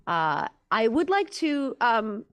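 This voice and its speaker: A woman with a high voice jokes around on a comedy panel. She talks slowly and breaks into laughter as she teases the others. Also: sing-song, no room sound. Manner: laughing, teasing. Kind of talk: casual comedy banter.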